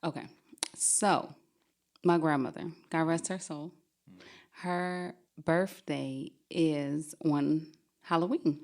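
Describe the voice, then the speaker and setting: A woman's voice: deep voice, steady tone, slow pace. A woman, guest on a podcast, animatedly telling a true scary story and laughing as she goes. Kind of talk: casual storytelling.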